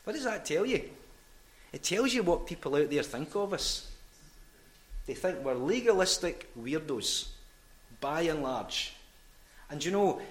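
A Scottish man, a football club chaplain, telling lively anecdotes in a storytelling sermon and acting out the dialogue. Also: on the high side, roomy sound. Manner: animated anecdotes, quoting dialogue.

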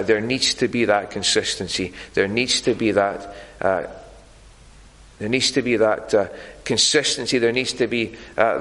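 A man preaching a sermon in a church, earnest and deliberate, pausing often on fillers. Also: on the low side, sharp tone, in a large hall, low-quality recording.

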